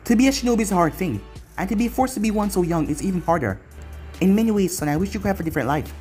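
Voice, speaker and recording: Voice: medium pitch, animated, rapid-fire, a little mellow, soft background music, lightly acted. A reader voicing a protective ninja mother who speaks earnestly and firmly to her son.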